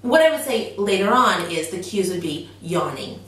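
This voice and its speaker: A young woman co-hosting a casual parenting chat, lively and explaining, who acts out what babies might be thinking. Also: on the low side. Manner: animated, acts out babies' thoughts in quick voices. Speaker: co-host giving parenting advice. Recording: echoey room, mic at a distance, faint noise.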